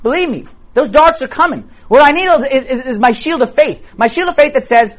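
A man's voice: extremely high pitch, lively intonation, fast, hardly any pauses, dull audio. A man who is a priest, giving a conversational sermon in an informal way and often checking in with his listeners. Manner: talks in an informal way, checks in with the listeners using "okay" and "all right".

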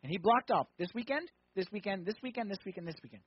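A man preaching a conversational sermon, asking the crowd questions and swinging from loud emphatic points to quiet ones. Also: fairly high pitch, very fast, few pauses, husky, no room sound, lo-fi sound. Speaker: pastor.

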